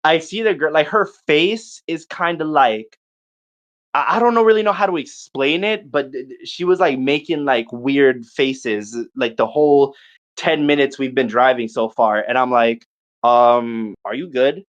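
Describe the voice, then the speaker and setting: In a mid-range voice, a young man on a casual podcast tells an animated, foul-mouthed story about a party, stretching it out and quickly acting out lines from his friends.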